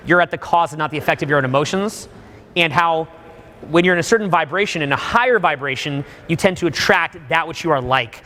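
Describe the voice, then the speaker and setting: A man coaching a live seminar audience, animated, suddenly bursting into loud acted-out examples. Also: a little high, brisk, a little hiss or hum. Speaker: dating coach. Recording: long hall reverb.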